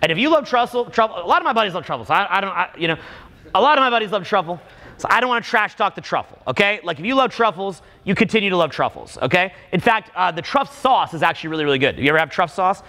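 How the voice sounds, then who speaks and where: A man in his forties giving a live talk to a room audience, an animated, jokey storyteller who acts out little scenes and quizzes the crowd. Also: sits high, fast talker, long reverb tail. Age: 40s. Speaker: seminar speaker.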